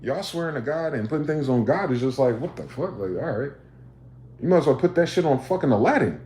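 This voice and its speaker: A man rants on a livestream, swearing freely and pressing listeners with combative rhetorical questions. His voice sits in a mid range with a dark, mellow tone, and his room gives it a noticeable echo. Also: on the high side, lively intonation, brisk, a little hiss or hum. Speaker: livestream host. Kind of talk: ranting livestream monologue.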